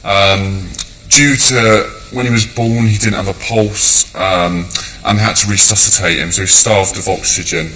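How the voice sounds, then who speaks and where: Brief: nervous father guest, low bright voice, faint room noise. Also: fairly even intonation, a little slow, low-quality recording. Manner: hesitant, many um fillers. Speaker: parent guest. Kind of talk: on-stage interview answers.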